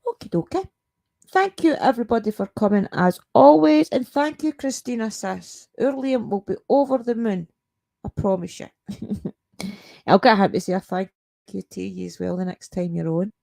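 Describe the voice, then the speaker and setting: Her voice is medium-pitched, gravelly and warm, delivered at normal speed. At night, from home, this Scottish woman runs a paranormal live stream, laughing a lot, chatting loosely and calling out viewers by name.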